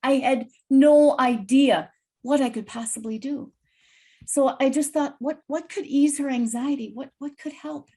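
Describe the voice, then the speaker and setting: A woman guest telling a personal story in a lively, vivid way on a video call podcast. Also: high voice, unhurried.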